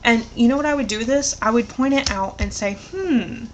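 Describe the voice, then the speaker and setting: A woman tutor explaining a literacy lesson in an encouraging way, asking leading questions and modeling words slowly. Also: a little high, dull audio, slight background noise. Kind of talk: instructional tutorial.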